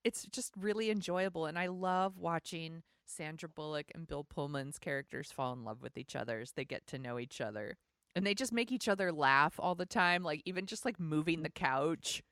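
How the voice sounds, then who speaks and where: Laughing often, a woman chats casually as a podcast co-host. Her low-sitting voice is expressive, smooth, and fairly bright, at a moderate pace, in a dry, studio-quality recording.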